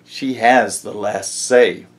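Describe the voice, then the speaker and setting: A man reading picture books aloud to children in a gentle, expressive storybook manner. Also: lowish voice, slow pace.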